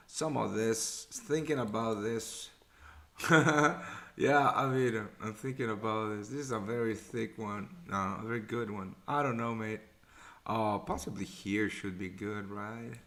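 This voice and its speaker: Slow, musing man hosting a live trading show. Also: fairly low pitch, fairly bright tone. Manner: thinks aloud, mutters numbers, swears casually. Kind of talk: casual live trading chat. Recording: echoey room.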